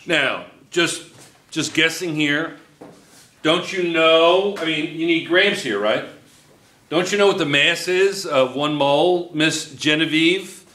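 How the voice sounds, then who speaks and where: Slow-talking teacher man in an echoey classroom. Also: fairly high pitch, bright, forceful tone. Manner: coaxing, asks rapid questions to the class. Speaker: chemistry teacher. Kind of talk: classroom review lesson.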